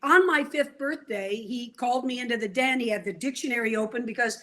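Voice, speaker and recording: An older woman from New York, telling her story as an interview guest in a lively, vivid way. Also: a little high, fairly quick.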